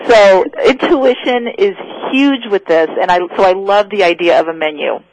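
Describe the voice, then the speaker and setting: A woman's voice: mid-range voice, moderate pace, rough recording. A woman co-hosting a casual chat, telling stories with enthusiasm. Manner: enthusiastic, animated storytelling. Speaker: co-host.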